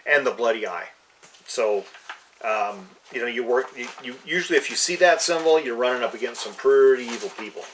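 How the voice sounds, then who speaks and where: A man's voice: mid-range voice, a little fast, far from the mic, slight background noise, low-quality recording. A man co-hosting a casual podcast chat, easygoing and agreeable, chiming in and summing things up. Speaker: player and co-host.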